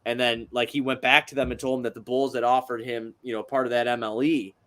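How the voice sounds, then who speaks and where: A man's voice: medium pitch, level tone, fast talker, a bit bright. Rambling, profane young man podcasting. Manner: rambling, profane, laughs easily. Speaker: podcast co-host. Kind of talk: casual sports podcast chat.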